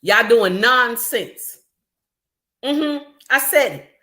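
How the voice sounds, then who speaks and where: Middle-aged woman, fired-up preachy rant, higher voice, unhurried delivery. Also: animated, bright, forceful tone. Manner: indignant, repetitive, preachy. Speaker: commentator. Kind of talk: ranting monologue.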